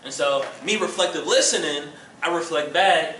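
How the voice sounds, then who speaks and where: Speaking at normal speed in a slightly high voice, a man teaches about relationships at church while background noise carries on. His delivery is animated, with examples acted out through jokes and laughter, all heard through a faraway, echoey room mic.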